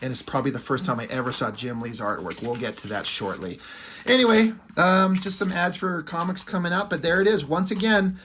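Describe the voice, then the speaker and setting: A man's voice: fairly high pitch, animated, fairly quick, fairly bright tone, a little hiss or hum. A man in his forties giving a casual, enthusiastic and profane comic book review, retelling the plot with quoted lines. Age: 40s.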